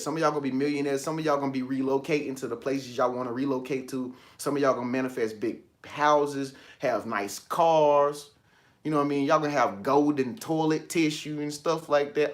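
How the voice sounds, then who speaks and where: A man hosting a motivational video, talking in an animated, colloquial, preachy way and laughing often. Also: on the high side, moderate pace. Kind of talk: casual motivational talk.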